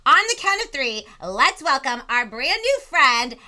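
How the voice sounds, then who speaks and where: A woman's voice: sits high, big pitch swings, a little slow, sharp tone. A woman hosting a live bilingual children's show, bubbly, counting along and mixing in Spanish words. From Southern California. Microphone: video call.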